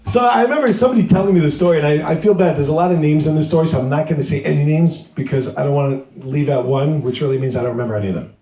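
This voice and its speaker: A male rabbi telling a humorous story to a live audience, acting out the dialogue with lively energy. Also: fairly high pitch, rapid-fire, few pauses. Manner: animated, humorous, acts out dialogue. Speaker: rabbi, speaker. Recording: echoey room.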